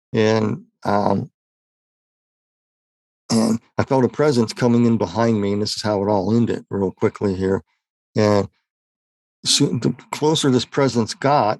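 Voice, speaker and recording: Gravelly-voiced man telling a tearful story. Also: on the low side, a little mellow, no echo. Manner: halting, repeats words, choked up with tears. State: tearful, voice breaking. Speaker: interview guest. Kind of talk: emotional personal testimony.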